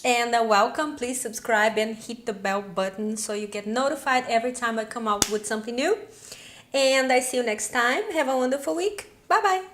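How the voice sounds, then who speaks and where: A woman's voice: fairly high pitch, moderate pace, background noise. Bubbly woman hosting a cooking show. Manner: enthusiastic, exclamatory, chatty. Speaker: cooking channel host. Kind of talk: cooking demonstration.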